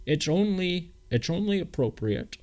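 A man's voice: sits high, sing-song, measured pace, a little mellow, voice pushed up, exaggerated voice. A man doing a smug old movie star. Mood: lordly. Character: gruff older Scottish film star, smug.

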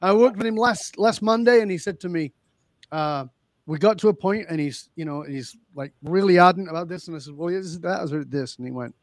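A man who is a leadership consultant, telling client stories on a podcast and acting out the dialogue with lively emphasis. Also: sits high, fairly quick, no room sound, studio quality. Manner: animated, acts out quoted dialogue. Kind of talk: podcast interview storytelling.

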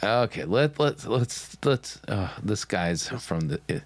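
A man's voice: lowish voice, expressive, slow, no echo. A man hosting a podcast, commenting on clips in a dry, sarcastic, mocking manner. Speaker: podcast host.

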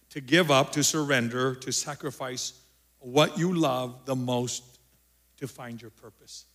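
A male pastor preaching a sermon, repeating phrases and moving between loud emphasis and quiet. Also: mid-range voice.

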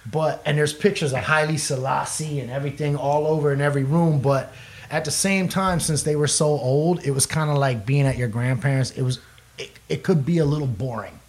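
A man's voice: fairly high pitch, fairly quick. Young guy rambling thru a story, swears a lot, laughs a bunch, very casual talk. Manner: profane, rambling, laughs often. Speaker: guest musician.

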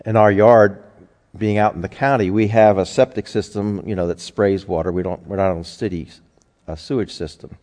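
A man's voice: lowish voice, steady tone, moderate pace, a little mellow. A man preaching a sermon in a folksy, conversational way, telling homespun stories. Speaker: pastor. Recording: long hall reverb.

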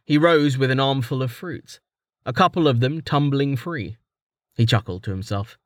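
An audiobook narrator, a man, reads a fantasy story in a steady, even storytelling style. His pitch is medium and his pace moderate, with clean studio sound and no room noise.

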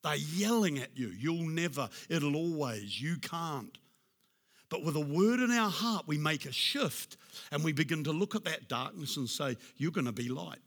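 A man preaching a sermon in a husky, slightly high voice. He builds to loud, emphatic declarations, then drops to a soft, hushed prayer. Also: big pitch swings, moderate pace. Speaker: pastor.

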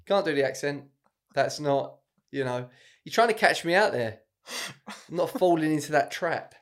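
A man's voice: a little high, animated, normal speed. A man hosting a comedy podcast, bantering in a jokey, defensive way. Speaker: podcast host. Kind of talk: casual comedy chat.

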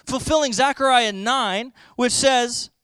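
A man's voice: very high-pitched, a little slow, bright, forceful tone, smooth, no room sound. A man preaching a sermon, telling a story vividly and explaining word meanings to his listeners.

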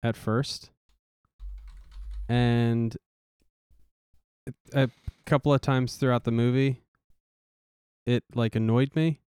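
A man co-hosting a casual movie-review podcast, thinking aloud in a relaxed way. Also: medium pitch, slow pace, long pauses, smooth, dry recording, clean studio sound. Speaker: podcast co-host.

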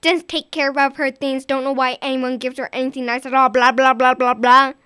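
A woman voicing an exasperated mother who scolds her daughter in a high, rising voice. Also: steady tone, brisk, a bit bright, smooth, dry recording, clean studio sound. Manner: scolding, rising to shrill alarm. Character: exasperated mother, later frightened.

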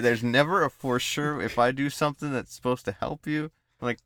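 A man's voice: medium pitch, fairly even intonation, a little fast, a bit bright, no room sound. A man co-hosting a podcast in casual chat, giving short, dry, teasing comebacks. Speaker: podcast co-host.

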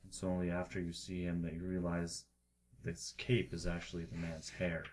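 A man narrating a tabletop role-playing game as game master, describing scenes in a measured way. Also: low-pitched, monotone, darkish tone, slight background noise.

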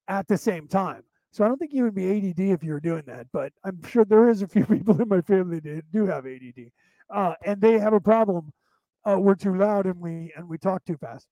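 A male show host with a high-sitting, mellow voice chats casually and tells long anecdotal stories, often restarting sentences as he rambles. No echo, but the audio is poor.

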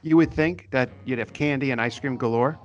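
A man telling a short, lively anecdote in a casual group chat. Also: mid-range voice, fairly quick, highs cut off, faint music behind.

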